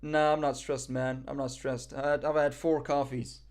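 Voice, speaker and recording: A man's voice: mid-range voice, little pitch movement, moderate pace, darkish tone. A young man from Morocco chatting casually on a live stream, reading the chat and making self-mocking jokes. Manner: joking, self-mocking banter.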